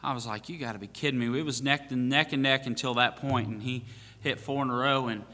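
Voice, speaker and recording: A man's voice: medium pitch, steady tone, a little fast, sharp tone. A man preaching as a pastor, telling a story with self-mocking jokes and many fillers and restarts. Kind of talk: storytelling from the pulpit. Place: church sanctuary. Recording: long church reverb.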